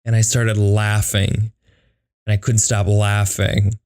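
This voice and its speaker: A young man with a lowish voice tells a personal story on his podcast. He talks conversationally, full of "like" fillers, and acts out the voices in his quotes. The sound is dry and close, with no room echo. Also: level tone, slow, a little mellow, clean tone. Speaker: podcast host.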